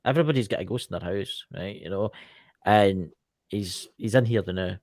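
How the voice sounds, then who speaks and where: A man's voice: on the low side, normal speed, a little mellow, dry recording. A man with a Scottish accent, a podcast guest telling a story in a chatty way, with many asides. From Scotland. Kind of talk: casual podcast chat.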